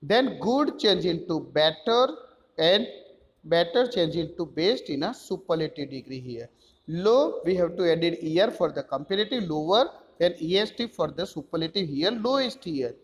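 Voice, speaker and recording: A man's voice: on the high side, animated, moderate pace, long reverb tail. A man teaching a grammar lesson, explaining step by step and spelling out letters.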